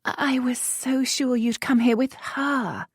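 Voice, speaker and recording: A narrator voicing a flighty young noblewoman posing as a silly French girl, often high and breathy, sometimes whispering. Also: steady tone, takes it slowly, no room sound, clean studio sound, full character voice. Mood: pleading, nervous.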